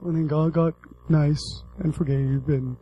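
A man's voice: fairly high pitch, a little slow, highs cut off, a little hiss or hum. A man giving a casual sermon as a youth pastor, joking and calling out to his listeners. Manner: animated, joking, addresses the audience directly.

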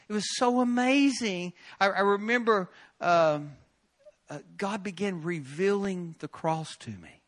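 A man preaching at a prayer meeting, telling his own story in a high voice. He breaks into laughter and loud emotional bursts as he goes. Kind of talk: sermon testimony.

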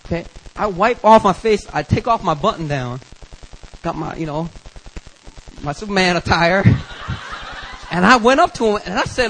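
A male preacher telling a story in a sermon, animated and acting out the dialogue. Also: sits high, moderate pace, breathy edge, poor audio.

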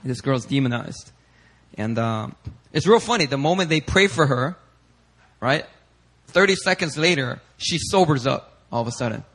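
A young male pastor telling a lively, casual story in a sermon, slipping in Korean phrases. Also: fairly high pitch, normal speed, husky.

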